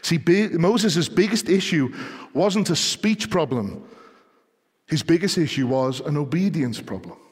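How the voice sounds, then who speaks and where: A man preaching a sermon, moving from calm explanation to rising, emphatic delivery. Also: fairly high pitch, measured pace. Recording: long hall reverb.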